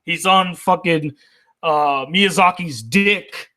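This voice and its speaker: A man's voice: fairly high pitch, slow, pushed and bright. A man hosting a casual livestream, reading viewer messages aloud and answering them in a loose, profane way. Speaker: anime reviewer reading live chat.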